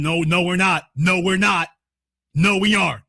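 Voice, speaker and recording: A man reads out a news story and tears into it. His voice sits high for a man and rings sharp and bright. His delivery is heated and sarcastic, and he sometimes breaks into shouting. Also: expressive, measured pace, gravelly. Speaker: commentator. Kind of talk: news commentary.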